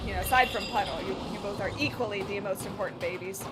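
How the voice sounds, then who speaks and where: A woman streamer gives casual commentary while she plays, chatty and quick to laugh, with offhand swearing. Her voice sits a little high and her delivery is slow and unhurried. Loud game sounds play underneath. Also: very noisy.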